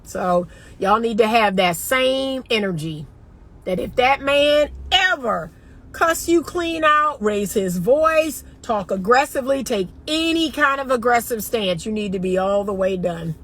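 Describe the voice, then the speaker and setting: Northern us woman dating coach, slightly high voice, talks straight at you, emphatic and chatty. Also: expressive, unhurried, a bit bright. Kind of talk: casual livestream chat.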